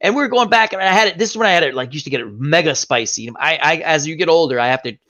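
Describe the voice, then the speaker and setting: A man hosting a casual chat, telling an animated anecdote and acting out the voices of the people in it. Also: on the high side, rapid-fire. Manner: animated anecdote teller, acts out quoted voices. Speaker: host. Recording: dull lo-fi stream audio.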